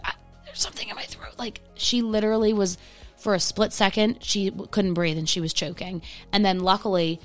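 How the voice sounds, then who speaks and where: A woman co-hosting a podcast in casual chat, telling stories in a chatty, animated way. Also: lowish voice. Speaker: podcast co-host.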